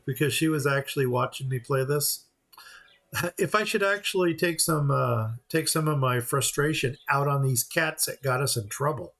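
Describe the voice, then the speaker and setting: A man's voice: a little high, a bit bright. A man giving casual let's-play commentary, explaining each step as he plays and now and then mock-voicing the characters. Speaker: gameplay commentator.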